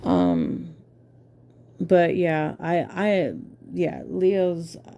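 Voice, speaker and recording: A woman's voice: fairly low pitch, big pitch swings, extremely slow, creaky, dark tone. A woman hosting a podcast, talking candidly and casually with lots of swearing and filler words. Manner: candid, profane, filler-heavy. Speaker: podcast host. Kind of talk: casual chat.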